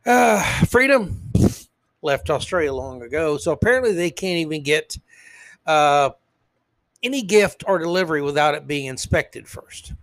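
A man's voice: a little high, normal speed, a bit bright, dry recording. Sarcastic, ranting male podcast host. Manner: sarcastic, emphatic, stumbles over words. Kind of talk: ranting political commentary.

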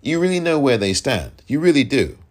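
A man's voice: medium pitch, big pitch swings, fairly quick. A man hosting a solo political podcast, talking in an emphatic, exasperated way and repeating points for stress. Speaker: podcast host.

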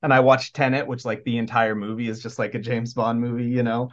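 A man's voice: medium pitch, level tone, fairly quick, fairly bright tone. A man chatting casually as a podcast panelist, rambling with lots of "like" and "um". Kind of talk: casual chat. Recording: dull lo-fi recording.

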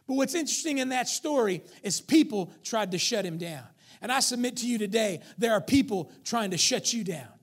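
A male pastor with an extremely high-pitched voice gives an emphatic sermon in church, cracking jokes with the congregation and alternating between shouting and near-whispering.

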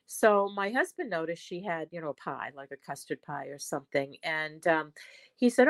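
A woman's voice: on the low side, moderate pace, no room sound. An older woman talking as a podcast guest, telling stories in a rambling way with frequent restarts. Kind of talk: conversational storytelling.

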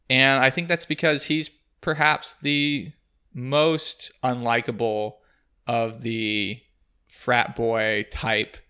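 A man's voice: mid-range voice, sharp tone, clean tone. A man hosting a podcast, discussing a film in a thoughtful, analytical way and asking leading questions. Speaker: podcast host.

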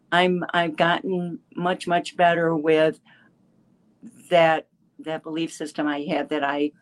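A woman in her seventies giving a halting personal testimony with many restarts, a little emotional. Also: low voice. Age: 70s. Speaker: caller sharing a testimonial.

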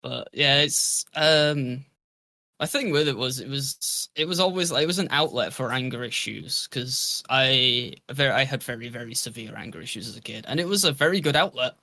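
A man's voice: mid-range voice, normal speed, pushed and bright, no room sound. A young British man in casual podcast chat, laid-back, swearing freely and laughing as he talks. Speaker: podcast co-host.

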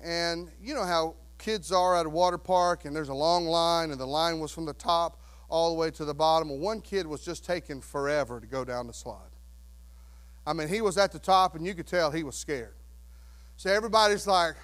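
A male pastor preaching a sermon, telling a story with acted-out voices and dropping to hushed, earnest tones. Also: a little high, moderate pace.

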